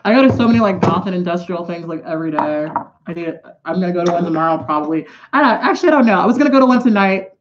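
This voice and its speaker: A woman's voice: fairly low pitch, rapid-fire, muffled recording, a little hiss or hum. A woman vlogger telling a story in a loose, profane, rambling way, breaking into asides while she does her makeup at home. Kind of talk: casual storytime vlog.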